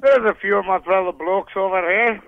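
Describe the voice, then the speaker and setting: Hoarse, cracking-voiced caller from Scotland; crude, boastful tough-guy bluster, high and gravelly. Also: a little fast, narrow, tinny audio. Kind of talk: crude comic call-in banter.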